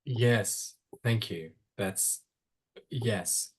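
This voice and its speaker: Guy hosting a webinar panel, talks slow and kind of feels for the words, low-ish voice. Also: slightly rough. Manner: slow and searching. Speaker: panel moderator. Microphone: video call.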